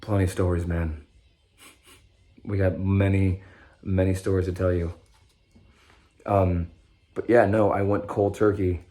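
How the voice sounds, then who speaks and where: Man, young adult, very low pitch, mellow dark tone, rambling, self-interrupting, casual swearing, loose monologue. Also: little pitch movement, a little slow, long pauses. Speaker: vlogger sharing his recovery story.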